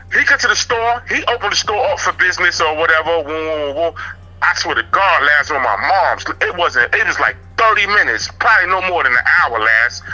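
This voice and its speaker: A man tells a story from his own street life, talking loose and animated. His voice sits a bit high and cuts through sharp and tense, and he keeps pulling the listener in with asides as he goes. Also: low-quality recording. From New York. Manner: streetwise, animated, keeps saying "you know what I'm saying". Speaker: interview guest.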